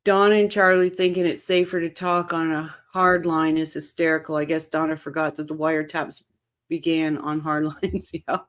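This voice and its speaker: A woman's voice: deep voice, flat delivery, normal speed. A woman hosting a true-crime show, casually commenting on trial footage with blunt, sarcastic asides. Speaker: true-crime channel host.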